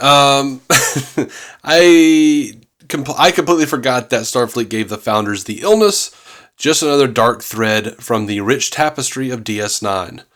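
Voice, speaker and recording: A man's voice: medium pitch, measured pace, a bit bright. A man co-hosting a podcast in casual chat, reading listener emails aloud with jokes and laughter. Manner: jokey, laughing, plays up silly voices. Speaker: podcast co-host.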